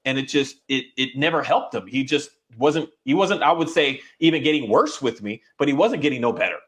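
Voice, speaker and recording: Rambling, halting dog-trainer man. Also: medium pitch, expressive. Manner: rambling, halting, voices his dog's thoughts in a bright tone. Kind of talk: casual conversation.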